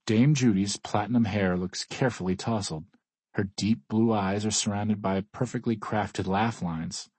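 Low, husky male audiobook narrator. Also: no room sound. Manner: measured, even, first-person storytelling.

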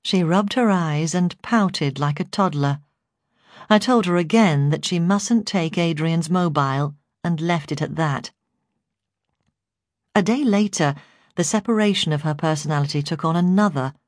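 A woman narrating a memoir in a calm, measured storytelling voice. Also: deep voice, dry recording, studio quality. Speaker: audiobook narrator.

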